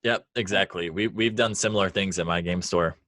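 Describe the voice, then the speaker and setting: Young male host, very deep voice, casual and chatty with lots of fillers. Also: fairly quick, fairly bright tone. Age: young adult. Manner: friendly, filler-heavy, laughs easily. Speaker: podcast host. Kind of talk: casual interview chat.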